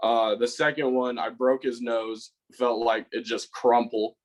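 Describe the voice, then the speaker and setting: A man's voice: medium pitch, level tone, a little slow, low-quality recording. Man telling a rambling road story. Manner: rambling, swears a lot, acts out his own lines. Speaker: podcast co-host. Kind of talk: casual storytelling.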